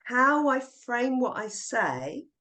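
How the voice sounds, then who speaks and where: Woman, middle-aged, teacher trainer, lively storytelling, podcast interview. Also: fairly high pitch, takes it slowly. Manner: lively storyteller acting out classroom voices.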